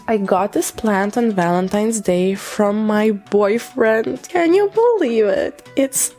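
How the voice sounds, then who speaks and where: A young adult woman vlogging casually to camera, talking in an excitable, rambling, gushing way. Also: mid-range voice, slow pace, faint music behind. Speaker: plant vlogger.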